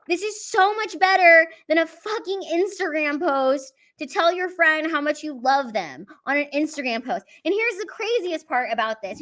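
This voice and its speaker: A young woman comedian livestreams to her fans in an extremely high, fairly bright voice, animated and at a moderate pace with few pauses. She chats casually, tearful and emotional, rambling and swearing freely.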